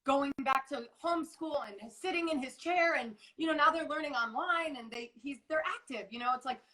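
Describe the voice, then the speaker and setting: Bright-voiced woman, earnest and rambling. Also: high-pitched, a little fast, rough recording. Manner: earnest, rambling, many restarts and acted quotes. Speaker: guest wellness coach. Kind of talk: casual live interview chat.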